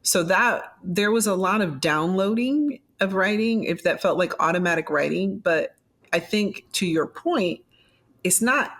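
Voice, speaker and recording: A middle-aged woman author talking as a guest in a casual interview, animated, laughing and acting out her own quoted lines. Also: mid-range voice, measured pace. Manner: animated, laughing, quoting herself.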